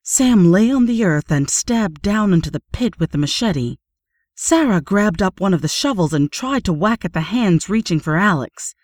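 Measured woman narrating, low and dry. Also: no echo. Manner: steady, measured reading. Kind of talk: audiobook narration.

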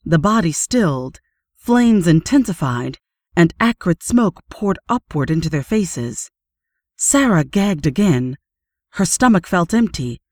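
A woman narrates a horror tale in a steady, measured audiobook read. Her voice sits low, recorded close on a dry mic with no room around it. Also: dry recording.

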